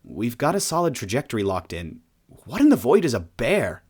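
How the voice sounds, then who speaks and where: A man's voice: medium pitch, huge pitch swings, normal speed, a little mellow, breathy edge. A man voicing an irritable male alien pilot who growls and delivers grim news in a gloomy, bewildered way.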